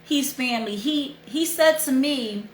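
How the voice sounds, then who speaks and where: Hosting a relaxed livestream, a young woman shares a story with open feeling, her fairly high voice unhurried. Chatty and heartfelt, she returns to repeat the important parts. There's a clear echo in the roomy sound.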